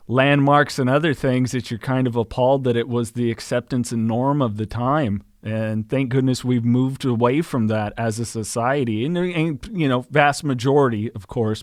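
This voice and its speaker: A man's voice: medium pitch, no echo, clean studio sound. A male podcast host who listens closely and asks his guest questions in casual talk. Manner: attentive, gives short affirmations and laughs. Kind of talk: casual interview.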